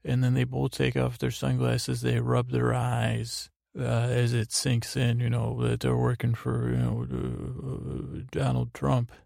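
A man hosting a sleep podcast, slowly retelling episodes in a meandering way full of fillers and restarts. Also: mid-range voice, completely flat delivery, creaky, a little mellow, no echo, clean studio sound. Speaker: podcast host. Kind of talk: rambling bedtime recap.

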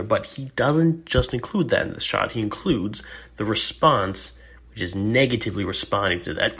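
A man's voice: lowish voice, animated, moderate pace, vocal fry, pushed and bright, slightly rough. A man hosting a solo podcast, talking in an earnest, encouraging and wry way. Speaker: podcast host. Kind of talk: casual solo podcast commentary.

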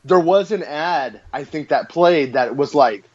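A man's voice: on the high side, animated, unhurried, a crowd in the background. Laid-back man on a dull recording. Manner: laid-back, laughing often, reminiscing. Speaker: podcast co-host. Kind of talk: casual chat.

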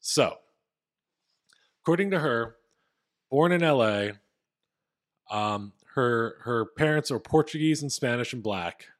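A man's voice: medium pitch, lively intonation, slow, pauses often. A man co-hosting a casual podcast, retelling a story with plenty of fillers. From Philadelphia area. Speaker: podcast co-host.

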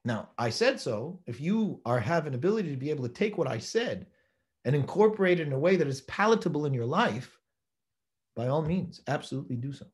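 Animated, emphatic male Torah teacher. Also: a little high, a little fast. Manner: animated, emphatic, rhetorical questions, quotes Hebrew texts. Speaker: rabbi teaching a class. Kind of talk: Torah lecture.

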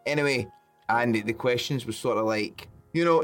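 A man's voice: mid-range voice, moderate pace, soft background music. A man with a Scottish accent, co-hosting a podcast in a casual, sweary chat, telling stories with frequent laughs. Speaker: podcast co-host.

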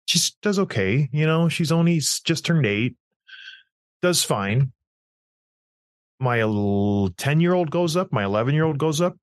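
A man's voice: on the high side, animated, unhurried, long pauses, dry recording, studio quality. A middle-aged man co-hosting a sports podcast, telling a blunt, self-mocking story in casual chat. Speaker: podcast co-host.

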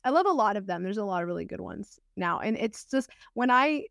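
A woman co-hosting a podcast in casual chat, animated, with quick laughs and lots of fillers. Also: mid-range voice, creaky, no room sound. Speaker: podcast co-host.

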